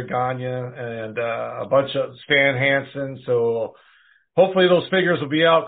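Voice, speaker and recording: A man hosting a casual interview, chatty and quick to chime in with agreement. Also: mid-range voice. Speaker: interview host. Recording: tinny phone line.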